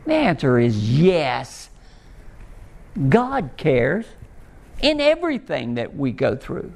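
A man preaching a sermon, rising and pleading at times, then dropping low and soft to tell a story. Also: wildly swooping pitch, slow, gravelly, pauses often. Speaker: pastor.

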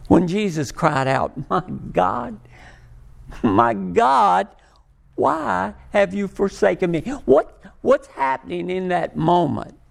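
A man delivers a sermon in a fairly high, gravelly voice. His pitch swings widely as he presses each point home, slow and emphatic. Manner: slow, emphatic preaching with rising and falling emphasis. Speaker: pastor.

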